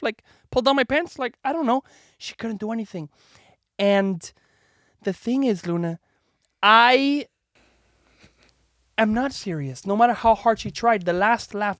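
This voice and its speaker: In a very high-pitched voice, a man hosting a podcast tells his daughter a story in an animated, chatty way, full of "like" and "right?", acting out everyone's voices. The audio is studio quality with no room sound.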